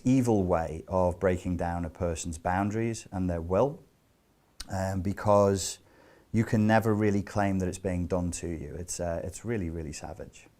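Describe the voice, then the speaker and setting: Low-voiced man lecturing emphatically. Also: a little mellow. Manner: emphatic, explanatory, with rhetorical questions; loose and conversational with fillers and asides. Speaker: self-help teacher. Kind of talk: spoken lecture.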